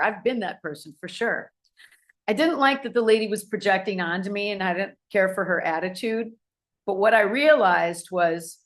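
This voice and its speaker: A woman telling a personal anecdote to an audience, animated and acting out the people in it. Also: medium pitch. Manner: animated, acts out voices in anecdotes. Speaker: speaker. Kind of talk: storytelling talk to an audience.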